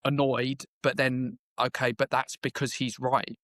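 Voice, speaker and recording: A man's voice: medium pitch, flat delivery, measured pace, fairly bright tone, no room sound. A man who works as a business coach, a guest on a podcast, talking frankly and conversationally with the odd swear word. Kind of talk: casual interview chat.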